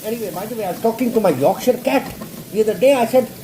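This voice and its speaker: Cook demo host, male, crude and cheeky. He swears freely and keeps a mellow tone. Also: sits high, quick pace, a little hiss or hum. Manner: blunt, crude, constant swearing, playful jokes; repeats words for emphasis. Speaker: home cook showing a recipe. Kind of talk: casual cooking demonstration.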